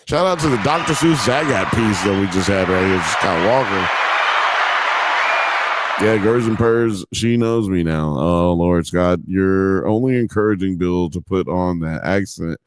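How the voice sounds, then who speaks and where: Hosting a live stream, a man with a low voice reads chat comments aloud at an unhurried pace. He's animated and joking, laughing often, swearing and slipping into mock accents.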